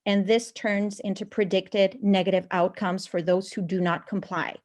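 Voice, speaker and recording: A woman from a former communist country giving a formal public comment at a meeting, pausing to search for words. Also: mid-range voice, flat delivery, a little mellow.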